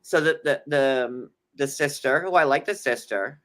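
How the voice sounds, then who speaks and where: Male co-host with a bright tone, animated, recapping reality TV casually. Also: mid-range voice, moderate pace. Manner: animated, slips into playful impressions.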